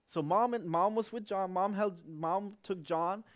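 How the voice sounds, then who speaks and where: A male pastor telling a story in a sermon, animated, swinging between loud and hushed. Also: high voice, measured pace.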